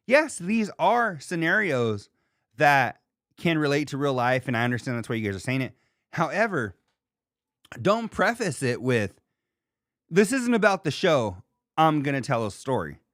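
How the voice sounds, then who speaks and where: Guy hosting a chatty podcast, kinda high voice, super animated, cussing, dry close mic. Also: dry recording. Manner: animated, profane, laughs and mimics people. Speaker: podcast host. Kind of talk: casual chat reading live chat.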